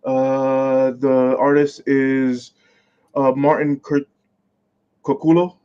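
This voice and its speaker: A man's voice: medium pitch, flat delivery, takes it slowly, smooth. Man, podcast co-host, casual, stumbles on names, muffled lo-fi sound. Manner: stumbles over names, laughs often. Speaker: podcast co-host presenting comics segment. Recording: slightly muffled lo-fi mic.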